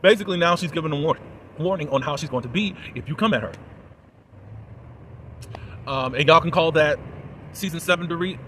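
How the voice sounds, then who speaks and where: A man's voice: on the high side, brisk, long pauses, pushed and bright, slight background noise. A man giving a casual, opinionated recap of a reality show, talking straight to his viewers with plenty of sass.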